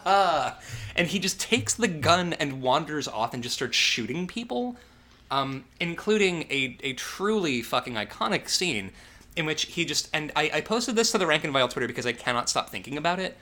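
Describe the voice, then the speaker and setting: A man's voice, lively and swooping in pitch, bright and forceful in tone, a bit higher than most men. He recaps a horror movie in casual chat, sarcastic and profane, with acted-out asides. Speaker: podcast co-host.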